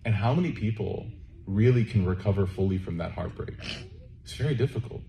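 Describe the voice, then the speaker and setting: Male preacher, low voice, relaxed joking sermon delivery that turns to prayer, faint background noise. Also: a little fast, creaky, lo-fi sound. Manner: casual and joking, often checks in with the audience. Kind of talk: conversational sermon with closing prayer.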